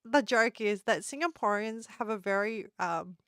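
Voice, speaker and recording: A woman's voice: medium pitch, normal speed, fairly bright tone, clean tone, no room sound, studio quality. A woman hosting a casual live stream, chatting and constantly breaking into giggles.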